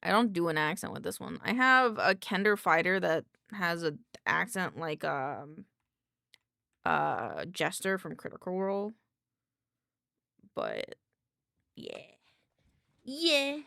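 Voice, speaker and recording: A woman streamer chatting casually and excitably on a live stream, often answering her chat, into a desk microphone. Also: fairly low pitch, slow, creaky, pauses often, no echo, studio quality.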